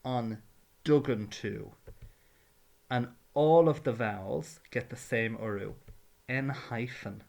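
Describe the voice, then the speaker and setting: A man's voice: medium pitch, slow, vocal fry, long pauses, darkish tone. A man teaching a patient, step-by-step grammar lesson. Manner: patient, explains carefully, drills verb forms. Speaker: Irish language teacher.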